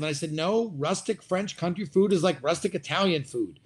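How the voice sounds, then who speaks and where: A middle-aged man with a slightly raised pitch, talking as a restaurateur guest over a video call. He speaks reflectively, pausing and filling gaps with fillers as he works through his thoughts. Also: slightly rough. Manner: reflective, hesitant with many fillers. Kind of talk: interview conversation.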